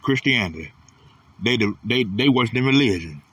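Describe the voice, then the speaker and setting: A man's voice: medium pitch, lively intonation, moderate pace, a bit bright, breathy edge, dry recording, distant mic. A man delivering a blunt, profane, repetitive casual ranting monologue as host of his own channel.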